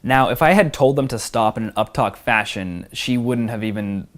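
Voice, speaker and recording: A man's voice: lowish voice, moderate pace. A man who is a pickup coach, teasing women in street demos and explaining his technique in a commanding voice-over with downward inflection.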